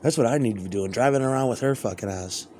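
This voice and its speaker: A man's voice: mid-range voice, fast talker, a little mellow, slight background noise. A man delivering a rambling, crude spoken monologue, with stammering restarts.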